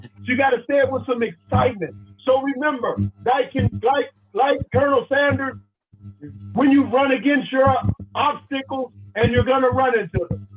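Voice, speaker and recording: A man giving a playful motivational talk to a sales team, acting out little scenes as he goes. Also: extremely high pitch. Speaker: motivational speaker. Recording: tinny phone-like sound.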